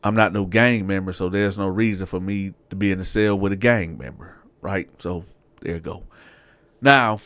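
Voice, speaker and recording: A man's voice: sits low, normal speed. A man hosting his channel, telling a casual first-person story full of cursing and asides to the viewers. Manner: profane, animated, addresses viewers. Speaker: show host, storyteller.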